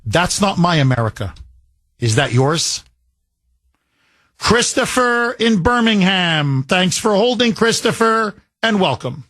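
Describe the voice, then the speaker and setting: A male talk radio host with a slightly high voice, speaking into a dry studio mic. He is emphatic and effusive, pressing his callers with questions. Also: very animated, takes it slowly, a bit bright, no room sound. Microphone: studio microphone.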